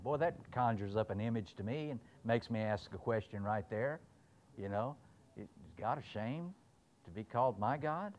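A man's voice: on the low side, lively intonation, moderate pace, a little mellow, slight background noise. A man preaching a folksy, emphatic sermon, reading scripture aloud and voicing God in playful asides.

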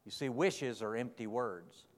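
A middle-aged man preaching a sermon, folksy, telling stories and asking rhetorical questions, moving between quiet and loud. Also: medium pitch, unhurried. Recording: long hall reverb.

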